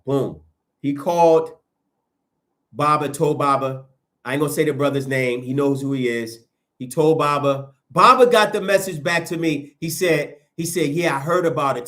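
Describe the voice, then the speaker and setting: A man telling a personal story in casual talk, acting out the quoted lines with many restarts. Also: mid-range voice. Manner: animated, acts out quoted dialogue, frequent restarts. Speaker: storyteller recounting events.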